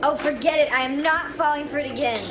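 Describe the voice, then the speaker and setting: A woman's voice: sits high, fairly even intonation, fast, heavy background noise, close to an everyday voice. An actress playing a gullible, earnest young woman who scares easily, in a comedy film. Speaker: film character Cindy.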